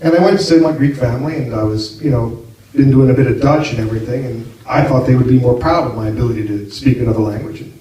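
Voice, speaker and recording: A man's voice: mid-range voice, fast, warm tone, slight background noise. An American man doing a chatty, self-mocking stand-up set on stage, often laughing at his own lines. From United States. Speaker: stand-up comedian. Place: comedy club stage with a live audience. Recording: far-off echoey club with crowd. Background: audience laughter.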